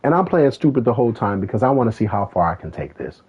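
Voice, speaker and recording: A man's voice: lowish voice, sing-song, quick pace, husky. A man streaming a racing game, chatting casually and telling a rambling story with lots of swearing. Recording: tinny phone-like sound.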